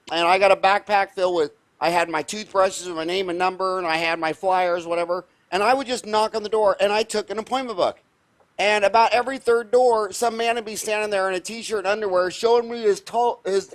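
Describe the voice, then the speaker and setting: A man's voice: high-pitched, steady tone, brisk. A man in his fifties, hosting a show, telling a story with energy and emphasis in a folksy, conversational way. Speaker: podcast host, dentist.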